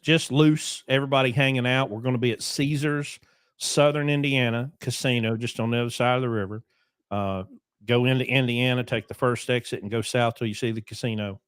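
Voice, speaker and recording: Male podcast host, casual and rambling, middle-pitched voice, dead-dry mic. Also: dry recording. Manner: loose, rambling, with many ums.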